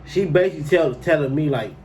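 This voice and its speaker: A man's voice: a little high, quick pace, darkish tone, far from the mic, slight background noise, low-quality recording. A man telling a personal story to camera in a casual, slangy way, breaking into incredulous outbursts.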